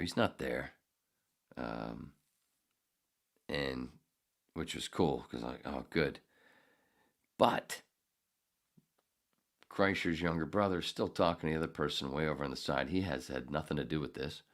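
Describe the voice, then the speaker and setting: His voice rumbles low with a slight brightness as this older man, hosting a podcast, tells a wandering, profanity-laced story. He often loses his place in the rambling monologue.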